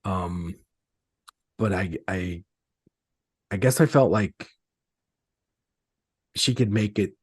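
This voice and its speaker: A man's voice: sits low, takes it slowly, pauses often, darkish tone, husky, no echo, studio quality. A middle-aged man, an author being interviewed, speaking hesitantly with many fillers and restarts. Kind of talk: conversational interview.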